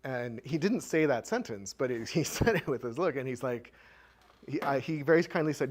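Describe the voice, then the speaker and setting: A man's voice: medium pitch, animated, moderate pace. A man presenting at a community show-and-tell, telling a candid personal story to a live audience in a conversational way with frequent filler words.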